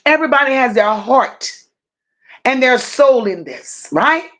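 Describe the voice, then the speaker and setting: A woman hosting a live-stream true-crime commentary. She rants emphatically and confrontationally, leaning hard on her stressed words and pausing to thank viewers in the chat. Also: high voice, lively intonation, a bit bright. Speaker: livestream commentary host.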